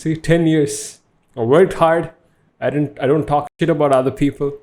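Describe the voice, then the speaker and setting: A Tamil-speaking man hosting a casual studio podcast, jokey and quick to laugh, often stumbling over his words. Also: a little high, steady tone, warm tone. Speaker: podcast host.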